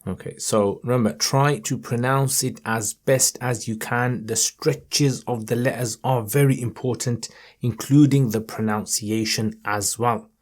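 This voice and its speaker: A man with a mid-range voice and fairly even intonation leads a Quran reading lesson, speaking directly to viewers and encouraging them. In the recited passages he chants slowly, stretching the sounds with care.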